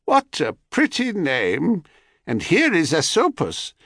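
A cracked, croaking old crone, her voice pitched high and drawn out slowly. She wheedles and pries. The sound is dry and close. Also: huge pitch swings, a bit bright, dry recording, full character voice. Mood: wheedling. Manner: wheedling, prying. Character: scheming goddess disguised as cackling old crone.

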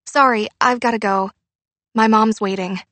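A woman voicing an anxious teenage girl who tries to sound fine, speaking higher and with quick, strained delivery. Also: steady tone, fairly bright tone, no room sound, close to an everyday voice. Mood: nervous. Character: anxious teenage girl hiding her fear.

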